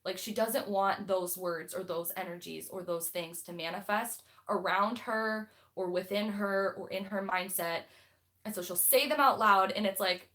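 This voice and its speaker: A woman's voice: mid-range voice, fairly even intonation, moderate pace, a bit bright. A young woman hosting a book club livestream, talking casually and bluntly with lots of fillers and restarts.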